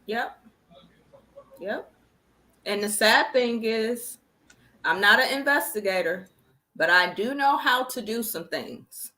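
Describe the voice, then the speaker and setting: A middle-aged woman, a grieving mother, speaking earnestly and haltingly as an interview guest. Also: a little high, sharp tone, low-quality recording. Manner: earnest, halting, repeats words when upset. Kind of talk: emotional conversational interview.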